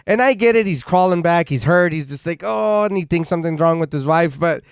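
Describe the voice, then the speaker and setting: High, smooth-voiced joking man. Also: a little fast, dry recording, clean studio sound. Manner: joking, stammers with restarts. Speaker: podcast co-host. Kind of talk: casual chat.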